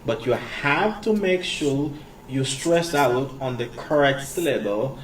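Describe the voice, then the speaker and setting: Guy teaching english slowly, lots of uhs and restarts, mic kinda far off. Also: mid-range voice, lively intonation. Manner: halting, repeats words, many fillers. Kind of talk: casual teaching monologue. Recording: distant mic with faint background noise.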